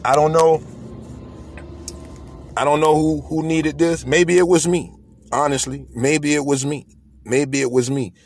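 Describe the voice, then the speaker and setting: A man's voice: fairly high pitch, fairly even intonation, unhurried, long pauses, husky. A man hosting a podcast, delivering a motivational monologue in an emphatic, preachy way, repeating his points. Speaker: podcast host.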